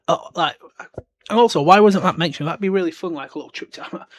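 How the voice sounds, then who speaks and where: A man's voice: a little high, big pitch swings, a little fast. A British man in his twenties hosting a podcast in a casual, rambling book discussion, chatting loosely and swearing offhand. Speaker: podcast host.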